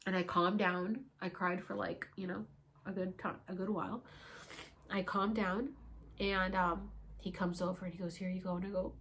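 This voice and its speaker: A young woman vlogger telling a story to camera in a casual, animated way, acting out her own past words with laughing and crying and casual swearing. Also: fairly low pitch, moderate pace, a little hiss or hum.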